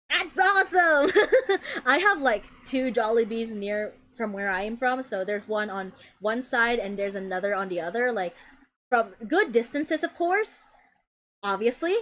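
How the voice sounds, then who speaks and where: A young woman streaming a game, chatting in a bubbly, excitable, casual way. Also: mid-range voice, normal speed. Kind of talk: casual gameplay stream chat.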